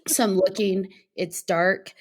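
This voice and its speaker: A woman telling a story in a casual podcast chat, animated, laughing often and acting out the lines of other people. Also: mid-range voice, slow pace. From Colorado. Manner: animated, laughing, acts out quotes. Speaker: podcast guest.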